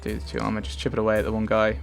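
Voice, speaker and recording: A man's voice: on the low side, completely flat delivery, racing, vocal fry, faint music behind. A man casually commenting on a game he plays and reading its text aloud with a joking manner. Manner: jokey, reads dialogue in put-on accents. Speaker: let's play gamer.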